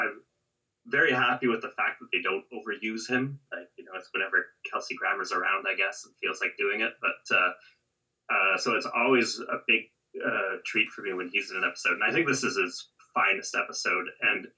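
Husky, hesitant man, distant from the mic. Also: lowish voice, pushed and bright. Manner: hesitant, many fillers. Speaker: podcast co-host. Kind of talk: casual chat.

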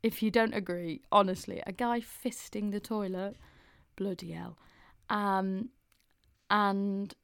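A woman's voice: medium pitch, clean tone, no room sound, clean studio sound. A young woman hosting a podcast, telling stories in a chatty, giggly way and swearing freely. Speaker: podcast host. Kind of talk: casual podcast storytelling.

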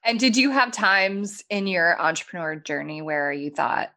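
Woman, podcast host, affirming, chatty, slightly low voice. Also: steady tone, normal speed. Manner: warm affirming interviewer, laughs easily. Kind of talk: casual podcast conversation.

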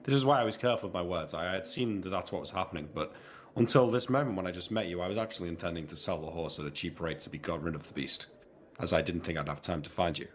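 A man playing a sea captain in a casual tabletop game, talking in character with stammers. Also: low-pitched. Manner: fast, in-character talk with stammers. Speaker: player voicing a sea captain. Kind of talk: casual tabletop role-play.

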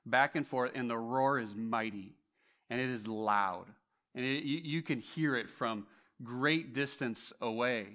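A male pastor preaching a sermon, telling a story with animated swings between loud emphasis and hushed tones, often restarting his words. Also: medium pitch, unhurried. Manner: frequent restarts and repeated words.

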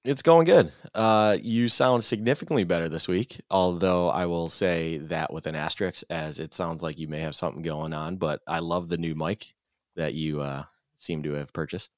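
A man with a lowish voice co-hosts a sports podcast in easygoing, chatty talk. He tells his stories loosely and casually. The recording is dry, with no room sound around him. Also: normal speed, no room sound. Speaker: podcast co-host.

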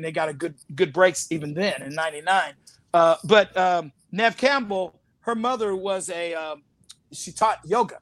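A man giving an animated interview, telling stories, laughing often and acting out what people said. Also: sits high. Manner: animated storyteller, laughs often, acts out quotes. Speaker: interview guest, actor. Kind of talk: casual storytelling interview.

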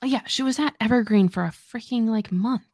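A woman's voice: fairly high pitch, fairly quick, a little mellow, no echo. A woman co-hosting a book podcast, talking casually and emphatically, with exasperated asides and casual swearing. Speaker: podcast co-host. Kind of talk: casual book-club chat.

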